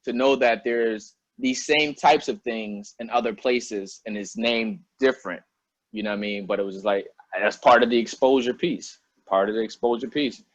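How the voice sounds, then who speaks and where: A man from Albany, New York, interviewing a guest in a relaxed, slangy way, often asking "you know what I mean?". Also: medium pitch, no echo, dull audio. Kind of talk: casual conversational interview.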